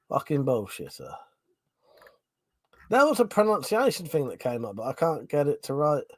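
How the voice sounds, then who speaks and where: A man's voice: a little high, huge pitch swings, normal speed, long pauses, dry recording. A man hosting a casual live-stream chat, a bit drunk, swearing freely and laughing often. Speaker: livestream host.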